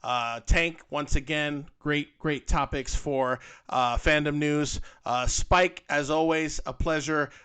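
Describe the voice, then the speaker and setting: A male co-host talking casually on a fan podcast, animated and rambling, with plenty of fillers. His voice sits a little high and sounds bright and forceful. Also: slow, few pauses, smooth. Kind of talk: casual panel chat.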